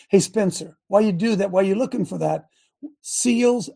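A man hosting a talk show in a preachy, rambling rant. He swings from loud outbursts to low asides and restarts his sentences often. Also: very animated, moderate pace, vocal fry, breathy edge. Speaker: show host.

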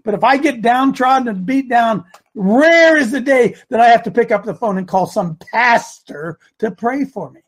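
Husky high-voiced older man preaching. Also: lively intonation, normal speed. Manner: preachy, rising to shouts. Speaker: radio talk show host. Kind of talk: impassioned radio talk.

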